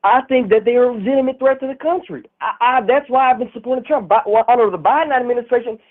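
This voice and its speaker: A man's voice: extremely high pitch, fast talker. A man calling in to a live stream as a prank, apologizing and stammering as he talks. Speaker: caller. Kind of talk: prank call. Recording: tinny phone line.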